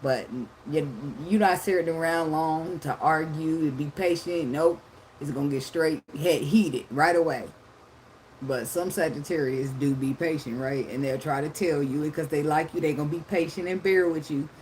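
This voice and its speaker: A woman's voice: low-pitched, moderate pace, darkish tone, slight background noise. A woman tarot reader talking casually in a blunt, profane way, laughing often. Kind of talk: casual unscripted monologue.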